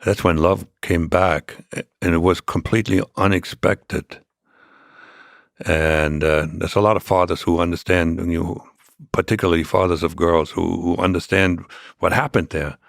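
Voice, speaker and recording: Low gravelly older man. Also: steady tone, dry recording, studio quality. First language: German. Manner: halting, many restarts and fillers. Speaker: interview guest. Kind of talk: storytelling in an interview.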